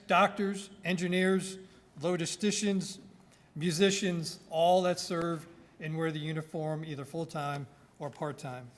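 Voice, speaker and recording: Man, New York accent, high voice, army officer, formal ceremony speech, projecting and measured, microphone. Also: in a large hall. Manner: projecting, measured delivery with listed phrases. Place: indoor government building hall. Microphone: speaking into a microphone.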